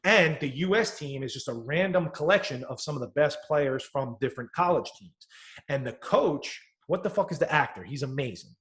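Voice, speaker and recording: A man's voice: on the high side, normal speed. A man co-hosting a casual podcast, telling stories with lots of swearing and acting out the quotes. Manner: animated storyteller, swears freely, acts out quotes. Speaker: podcast co-host.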